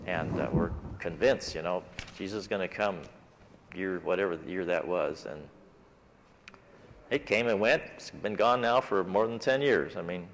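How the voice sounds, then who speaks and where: A man whose voice sits low speaks at a normal speed, leading his Sabbath School Bible class in relaxed conversation and talking things through with them. The church classroom recording echoes like a hall, with a little hiss or hum.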